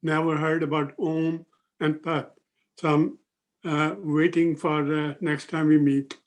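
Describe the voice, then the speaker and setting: A man's voice: on the high side, level tone, unhurried, poor audio. A man taking part in a class, speaking briefly and appreciatively. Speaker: class participant.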